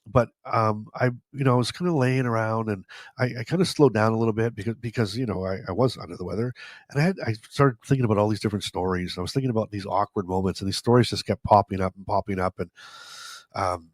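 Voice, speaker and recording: Low-voiced man with a stuffy nose. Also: fast, no echo. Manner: animated, joking, self-deprecating. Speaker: podcast host. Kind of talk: casual storytelling monologue.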